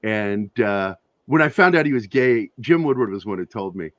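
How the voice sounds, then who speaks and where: A man who is a guest on an interview show, telling profane, animated anecdotes with a lot of laughter in casual conversation. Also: lowish voice, normal speed, no echo, dull audio. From Virginia, USA. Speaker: interview guest, comic creator. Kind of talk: casual storytelling.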